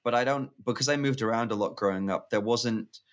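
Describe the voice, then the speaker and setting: A man co-hosting a casual movie podcast, speaking in a thoughtful, wry, measured way. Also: mid-range voice. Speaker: podcast co-host.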